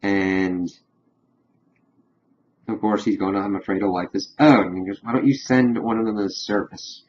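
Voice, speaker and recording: A man's voice: on the low side, fairly even intonation, normal speed, long pauses, a little mellow, highs cut off. A man casually recapping a TV episode, rambling and repeating "of course" as he loosely quotes the characters. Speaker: TV episode reviewer.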